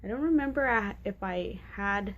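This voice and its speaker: A young woman in her twenties talks straight to her camera in a loose, chatty vlog. Her voice sits at a middling pitch, and she rambles with lots of "like" and "um" and frequent restarts. She is candid and a little giggly about awkward details. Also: expressive, moderate pace, a bit bright, highs cut off. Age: 20s. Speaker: vlogger. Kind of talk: casual storytelling vlog.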